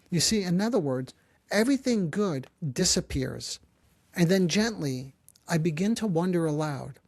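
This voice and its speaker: A man hosting a psychology podcast, who explains calmly and gently and slows down to stress key phrases. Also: on the high side, dry recording. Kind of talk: calm explanatory talk.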